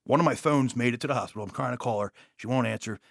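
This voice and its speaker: A man with a New York accent, a police officer telling his story as a guest in a blunt, profane, animated way. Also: mid-range voice, rapid-fire, vocal fry, no room sound, studio quality.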